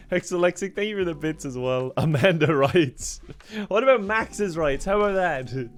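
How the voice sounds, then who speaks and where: A man's voice: a little high, lively intonation, slow, long pauses, faint music behind. A young Irish man chatting casually on a live game stream, laughing often and thanking viewers. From Ireland.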